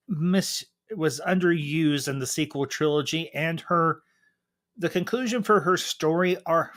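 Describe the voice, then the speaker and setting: A man's voice: on the high side, a bit bright, no echo, studio quality. A man hosting a casual review stream, chatting with enthusiasm and restarting his phrases often. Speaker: YouTube reviewer.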